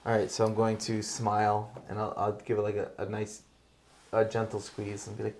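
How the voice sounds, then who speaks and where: A man casually playing a tabletop role-playing game, talking haltingly with many fillers. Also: on the low side, monotone, a little mellow, slight background noise. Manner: halting, lots of fillers, switching into character lines. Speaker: player.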